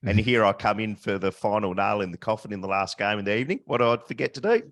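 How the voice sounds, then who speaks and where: A man's voice: lowish voice, expressive, fast, dry recording, studio quality. A man, co-hosting a podcast and telling jokey anecdotes in light banter. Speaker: podcast co-host. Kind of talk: casual chat.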